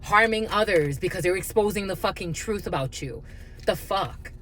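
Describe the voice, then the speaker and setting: A woman's voice: mid-range voice, lively intonation, normal speed, fairly bright tone, a little hiss or hum. A woman giving a spiritual card reading in a blunt, profane, heated rant. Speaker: tarot reader.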